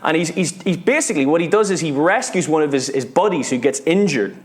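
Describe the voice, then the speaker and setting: A British man preaching a sermon, retelling a story with earnest feeling, often repeating words and dropping to a hush at tense moments. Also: fairly high pitch, lively intonation, a little fast. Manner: earnest, repeats words, drops to hushed tones at dramatic moments.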